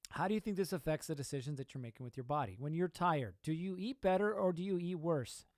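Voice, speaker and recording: A man's voice: on the high side, fairly quick, no echo. A young man hosting a podcast, giving an emphatic motivational talk full of rhetorical questions and repeated points. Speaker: podcast host.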